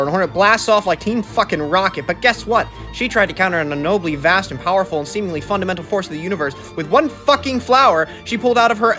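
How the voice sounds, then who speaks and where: A man narrating a comedic game recap, fast and sarcastic, full of swearing and sudden excited outbursts. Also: high-pitched. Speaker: gaming video commentator.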